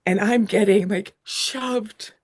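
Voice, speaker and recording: A woman's voice: medium pitch, slow, husky. A woman guest on a podcast telling a personal story with feeling, acting out what she said back then. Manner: animated, acts out her own past lines.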